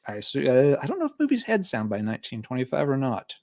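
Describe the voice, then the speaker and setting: A man's voice: medium pitch, wildly swooping pitch, fast talker, a little mellow, dry recording, studio quality. Easygoing male podcast host, chatty. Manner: rambling, lots of fillers, self-mocking humor. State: coughing a lot. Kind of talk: casual chat.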